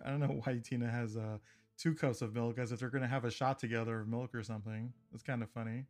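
A man's voice: mid-range voice, steady tone, fast, darkish tone. A man hosting a podcast, casually recapping a cartoon episode. He is chatty and laughs often between remarks. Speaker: podcast host.

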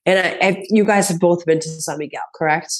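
Here's a comedian in her thirties chatting on a podcast, telling loose stories, voicing what people said, and laughing frequently. She speaks a little fast in a lowish, steady voice.

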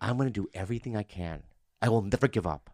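Animated man defending himself on a podcast. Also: lowish voice, fast, no room sound, studio quality. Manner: animated, defensive, restarts a lot, swears. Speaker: podcast co-host. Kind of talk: casual comedy podcast banter. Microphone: studio mic.

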